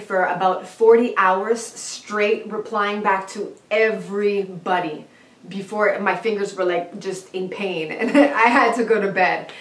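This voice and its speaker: A young woman vlogging, telling a story in a casual, animated way, acting out her own past reactions and laughing often. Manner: animated, quotes herself in a high excited voice and laughs often. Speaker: singer and vlogger. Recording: roomy, slightly distant from the mic.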